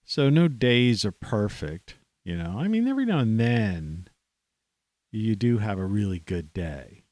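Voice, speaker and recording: A middle-aged American man talks in a loose, meandering monologue, restarting sentences and dropping "you know" everywhere. His voice sits on the low side. The sound is dry and close, with no room around it. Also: darkish tone, dry recording. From United States. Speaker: livestream host. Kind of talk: rambling casual monologue.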